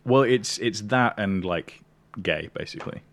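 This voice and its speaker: A very deep-voiced man in a casual podcast chat, joking and swearing freely. His talk is loose and relaxed as he answers slang questions. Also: unhurried. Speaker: podcast co-host.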